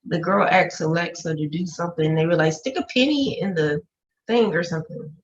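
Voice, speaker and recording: A woman's voice: lowish voice, brisk, a little hiss or hum. A woman co-hosting a casual chat, talking bluntly and freely. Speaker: podcast co-host. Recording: dull lo-fi sound.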